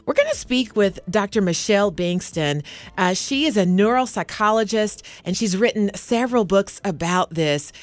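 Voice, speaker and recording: A woman's voice: lowish voice, dry recording, clean studio sound. A woman co-hosting a morning radio show, introducing and questioning a guest in an encouraging way. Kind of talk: radio interview.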